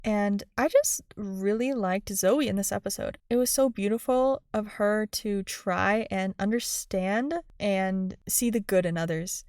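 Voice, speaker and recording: A young woman giving casual, animated commentary on a cartoon episode, chatty and full of "like" fillers. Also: medium pitch, unhurried, hardly any pauses, no echo, clean studio sound.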